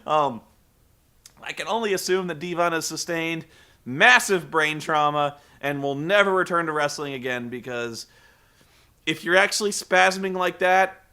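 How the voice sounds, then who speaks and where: A man casually recapping a wrestling show, rambling and profane, telling the story with animated energy. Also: fairly high pitch, clear, resonant tone.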